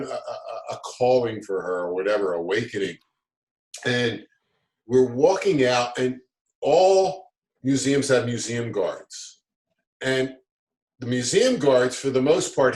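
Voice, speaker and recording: A middle-aged man speaks at an ordinary pitch, upbeat and motivational, often restarting his sentences as he tells stories in a casual interview. His voice rings with a noticeable room echo. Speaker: guest, business author. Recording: roomy echo.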